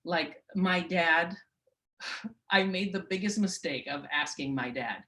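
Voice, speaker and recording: Woman, thirties, stand-up comic with a wry, deadpan delivery and a lowish voice. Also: slow, poor audio. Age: 30s. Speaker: stand-up comedian. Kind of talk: stand-up comedy set.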